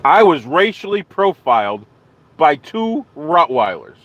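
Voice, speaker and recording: A man holding forth on his live stream, spinning a long, rambling tale and playing every line of dialogue himself. His voice sits a little on the high side, and he keeps the telling loose and chatty. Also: measured pace, muffled recording. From not from the American South. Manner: rambling, animated storyteller acting out his own quotes. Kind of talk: casual storytelling to live chat.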